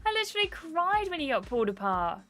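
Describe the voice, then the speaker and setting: Brief: gushing young dating-show girl, read out by a woman streamer, bright, lively delivery. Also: extremely high pitch, fast, soft background music, voice pushed up, full character voice. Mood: confiding. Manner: gushing and confiding. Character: chatty young woman reality show contestant.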